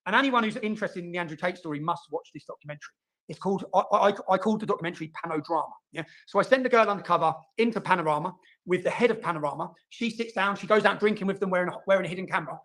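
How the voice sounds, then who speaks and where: A man telling his own story, fast and emphatic, often repeating words and asking "yeah?". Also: high voice, fairly bright tone. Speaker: interviewee in played clip. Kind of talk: animated personal storytelling.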